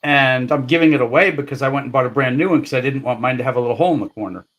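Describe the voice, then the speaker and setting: A man's voice: medium pitch, rapid-fire, fairly bright tone. A man chatting casually on a livestream, dropping dry joking asides. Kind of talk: casual chat. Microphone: livestream video call.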